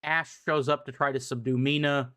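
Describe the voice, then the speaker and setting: A streamer retelling comic book issues in a casual, excitable way, swearing freely and often correcting words partway through. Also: mid-range voice, moderate pace, clean tone. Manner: profane, excitable, paraphrases characters' lines; repeats and corrects words mid-sentence.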